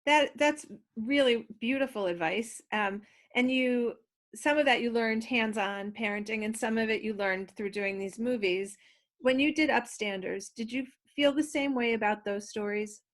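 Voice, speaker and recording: A woman's voice: a little high, normal speed. A woman hosting an interview, asking encouraging questions in a conversational way. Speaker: interview host.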